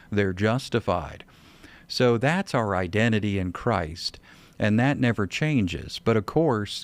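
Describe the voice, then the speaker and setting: A man's voice: lowish voice, smooth. A man with a Texan accent, hosting a show and answering a listener's question about scripture in an earnest, step-by-step way. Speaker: Bible teacher and radio show host.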